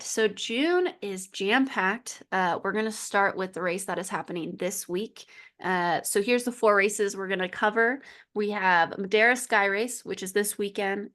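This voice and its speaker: A woman's voice: mid-range voice, a bit bright. A woman co-hosting a podcast in casual chat, chatty, with frequent laughs and fillers. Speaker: podcast co-host.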